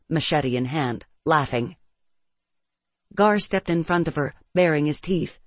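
Steady audiobook narrator, dry close sound. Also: medium pitch, no echo. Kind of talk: scripted fiction narration.

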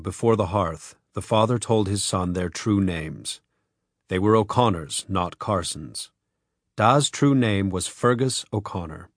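A man with a voice on the low side narrates an audiobook from a script in a measured, even storytelling manner. The recording is studio quality with no echo.

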